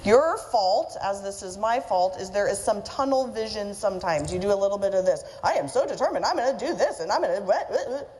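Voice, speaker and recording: A woman's voice: mid-range voice, a little mellow. A woman giving a humorous conference talk to an audience, chatty and self-mocking. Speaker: keynote speaker and author. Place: event hall with audience. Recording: reverberant hall, faint room noise.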